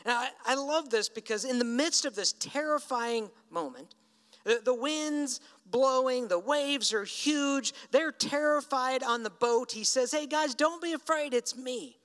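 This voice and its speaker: A man's voice: very high voice, unhurried, fairly bright tone. A man preaching a sermon in a conversational storytelling way, acting out the lines he quotes. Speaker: pastor. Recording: reverberant hall.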